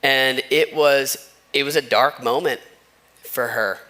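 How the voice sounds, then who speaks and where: A church pastor delivers a sermon in a sanctuary, speaking conversationally and weaving in stories with asides, picked up by a wireless microphone. His voice is medium-pitched and steady, with a slow pace and a sharp tone.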